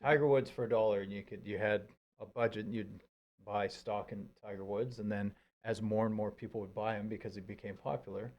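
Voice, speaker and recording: A man chatting on a podcast, laying out an old memory step by step. His tone stays plain and relaxed. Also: fairly low pitch, highs cut off. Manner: reminiscing, unhurried explanations. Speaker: podcast guest. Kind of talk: casual chat.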